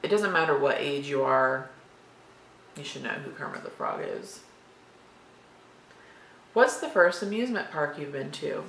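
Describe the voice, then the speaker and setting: A woman's voice: deep voice, wildly swooping pitch, a little slow, creaky, long pauses, fairly bright tone. A woman in her thirties from Florida casually reads tag questions aloud and answers them in a chatty, rambling way. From Florida, USA. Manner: chatty, rambling, matter-of-fact. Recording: echoey room with faint background noise.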